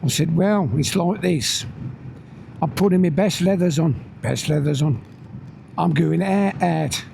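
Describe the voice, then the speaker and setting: A man's voice: on the high side, measured pace, vocal fry, darkish tone, slight background noise. A man vlogging from his motorbike, chatting and telling a story and acting out the voices in it. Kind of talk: casual chat while riding. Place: on a motorbike outdoors.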